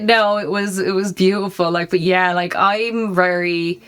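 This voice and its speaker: A young woman co-hosts a relaxed podcast. Her voice sits fairly low, and she talks in a chatty way with giggles and fillers like "um" and "like.". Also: unhurried, clear, resonant tone. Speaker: podcast co-host. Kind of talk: casual chat.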